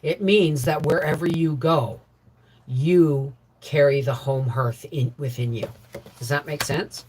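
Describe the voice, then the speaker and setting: A middle-aged woman hosting a casual homestead livestream, greeting viewers by name and chatting warmly. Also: sits low, a little slow, breathy edge. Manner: chatty, warm greetings to viewers, laughs often. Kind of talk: casual live chat reading viewer comments.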